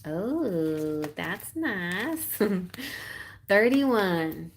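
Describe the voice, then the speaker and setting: A woman's voice: mid-range voice, very animated, very slow, slight background noise. A woman with a Texas accent hosting a live tarot stream, chatting casually in a rambling way, full of fillers and frequent laughs.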